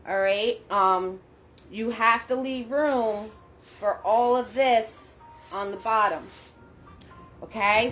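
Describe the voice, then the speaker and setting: Her mid-range voice has a fairly bright tone as she runs a live online painting session from home. The instructor is chatty and supportive, often laughing and greeting viewers by name, while faint music plays in her indoor studio.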